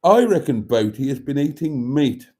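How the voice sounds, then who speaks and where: A man's voice: medium pitch, very animated, moderate pace, darkish tone. A man hosting a casual livestream, reading viewer comments aloud in a chatty, playful way and repeating items back to callers. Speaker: livestream host.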